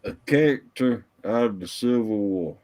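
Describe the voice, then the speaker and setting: A man's voice: lowish voice, expressive, normal speed, a little mellow. A man, joking and teasing his friends in casual chat.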